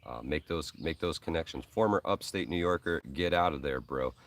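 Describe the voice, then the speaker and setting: A man with a very low, deep voice hosts a casual live stream, rambling along with plenty of ums and uhs. He talks like he's chatting with friends, answering viewer comments as they come in. He sits a little back from the microphone. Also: moderate pace, fairly bright tone, recorded from a distance. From Hudson Valley, New York. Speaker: host of a preparedness live stream.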